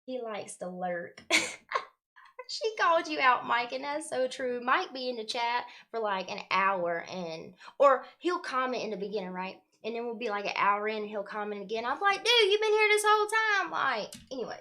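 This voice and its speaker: A woman's voice: a little high, expressive, normal speed. Effusive woman hosting a livestream. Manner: warm, effusive, greets viewers by name with spiritual terms; casual slangy speech, swears now and then. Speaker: spiritual livestream host and card reader. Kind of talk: casual livestream chat with viewers.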